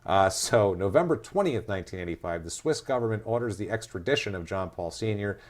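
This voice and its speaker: A man's voice: lowish voice, animated, fairly quick. A man hosting a podcast, casually retelling a true-crime story with jokes and swearing. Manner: profane, joking, reads dates and quotes. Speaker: podcast host.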